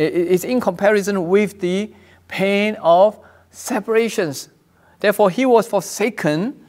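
A man preaching a sermon as pastor, earnest, repeating and restarting phrases, raising his voice for quoted cries. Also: on the high side. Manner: raises voice when quoting cries from scripture.

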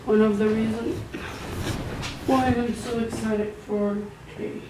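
A young woman talks to her viewers in a relaxed home vlog, stumbling through fillers and restarts. Her voice sits fairly high. The home recording carries a clear layer of background noise. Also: unhurried. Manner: hesitant, many fillers and restarts. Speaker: vlogger. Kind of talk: casual vlog chat. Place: home bedroom with window open.

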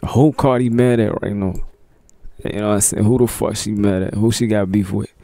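Man, reaction host, slangy and relaxed, lowish voice, laughs a lot. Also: moderate pace, no room sound. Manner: slangy, laid-back, laughs often. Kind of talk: casual reaction commentary.

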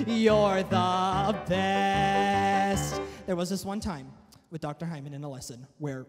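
A young man singing a comic ballad and telling funny stories between verses, in an animated, self-mocking way. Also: fairly high pitch, slightly rough. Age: young adult. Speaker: singer-songwriter. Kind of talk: sung ballad with spoken comic anecdotes. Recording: long hall reverb with live music.

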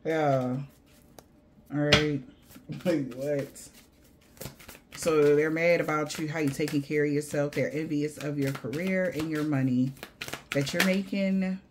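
A woman with a somewhat low voice reads tarot cards for her viewers in a loose, slangy way. She is blunt and swears freely. Her talk is lively and full of asides. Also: measured pace, long pauses, noisy background. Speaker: tarot card reader. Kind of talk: casual spiritual tarot reading to viewers.

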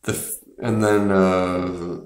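A man's voice: low-pitched, little pitch movement, takes it slowly. A man hosting a casual movie review, rambling with profanity and filler words. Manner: rambling, profane, laughs and acts out scenes. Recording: echoey room.

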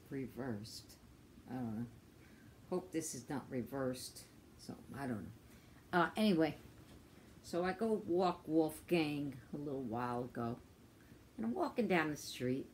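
Slow, halting woman ranting. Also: sits low, slight background noise. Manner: frustrated, profane, slow and halting with many fillers. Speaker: vlogger. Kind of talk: casual rant to camera. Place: outdoors on a walk.

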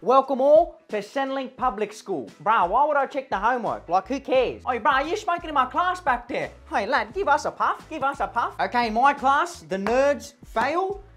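A woman's voice: sits high, lively intonation, normal speed, hardly any pauses, fairly bright tone, faint music behind. A woman playing a rowdy male eshay schoolteacher in a comedy sketch, with an Australian accent, brash and slangy, tacking "bruh" and "lad" onto her lines. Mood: cocky.

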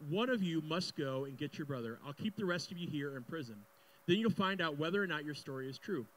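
A young male pastor delivers a sermon, reading a scripture passage aloud. Between readings he drops into casual, joking asides with the congregation. His voice sits a little on the high side. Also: animated, brisk, fairly bright tone, poor audio.

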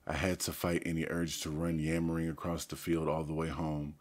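Man, deep low voice, first-person audiobook narration, steady, casual. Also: fairly quick.

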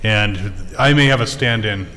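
A man's voice: lowish voice, measured pace, sharp tone. A man hosting a convention panel, joking and upbeat. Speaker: panel host. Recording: long hall reverb, crowd behind.

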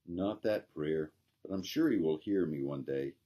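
A man's voice: a bass voice, unhurried, dark tone, husky, exaggerated voice. A man voicing a sad, earnest little chimney-sweep boy in a read-aloud story. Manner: earnest, tearful.

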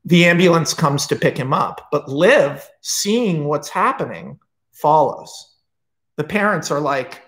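A screenwriter telling a film pitch in a casual, rambling, profane storytelling style, full of energy and asides. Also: male voice, expressive, measured pace, fairly bright tone.

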